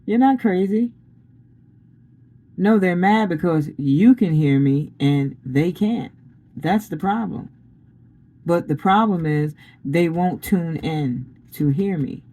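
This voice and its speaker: A woman's voice: sits low, slow, pauses often, mellow, poor audio. A woman giving a casual spiritual pep talk as a tarot reader, blunt and preachy, laughing often and using slang.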